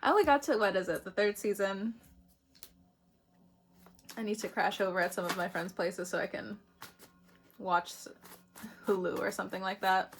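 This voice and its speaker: A woman's voice: mid-range voice, moderate pace, long pauses. A woman giving a casual spiritual astrology reading to the camera, chatty, swearing freely and laughing often between phrases. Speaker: astrology reader.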